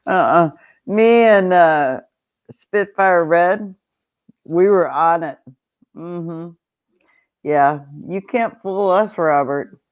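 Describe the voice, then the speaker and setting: Woman host, unhurried casual livestream chatter, tinny phone-like sound. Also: fairly low pitch. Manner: chatty, laughs often, greets viewers.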